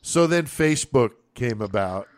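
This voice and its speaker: A man's voice: medium pitch, normal speed. A man co-hosting a podcast, telling a long story in casual chat, swearing often and acting out the voices of the people in it. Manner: profane, animated storyteller acting out quoted voices. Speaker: podcast co-host.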